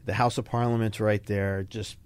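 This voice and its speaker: The older podcast guest, a retired Navy fighter pilot, speaks at normal speed in a fairly low, clean-toned voice with no room sound. Animated in this casual interview, he tells stories and performs the voices of those he quotes.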